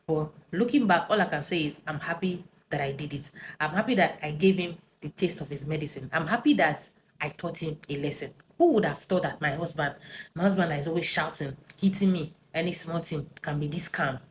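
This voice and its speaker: A woman tells a personal story to camera in an animated way, with tag questions and fillers. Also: low-pitched, a little fast, slight background noise.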